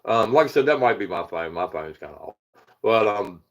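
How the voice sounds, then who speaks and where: A man's voice: fairly low pitch, animated, moderate pace, a bit bright, dull audio. Rambling man chatting on a livestream. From Eastern United States. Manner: rambling, self-deprecating, chuckles often, greets chatters. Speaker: paranormal livestream host. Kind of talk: casual livestream chat.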